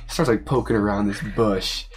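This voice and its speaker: A man's voice: fairly low pitch, a little fast. A young man from Utah telling a story in a casual chat, acting out other people's lines and laughing often. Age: young adult. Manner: animated, acts out quoted voices, laughs often. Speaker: college football player, podcast co-host.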